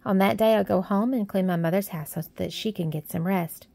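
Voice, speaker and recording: A woman's voice: medium pitch, brisk, vocal fry, dark tone, no room sound. Woman doing a chatty young Yorkshire maid. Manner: friendly, plain-spoken, chatty. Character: cheerful plump young Yorkshire housemaid girl.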